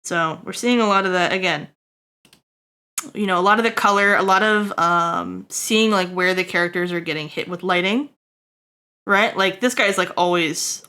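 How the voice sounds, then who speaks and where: Bright-voiced woman rambling through a design critique. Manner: rambling, filler-heavy, checks in with "right?"; jokey asides to chat, bursts high and loud. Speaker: streamer giving character design critique. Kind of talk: casual livestream critique.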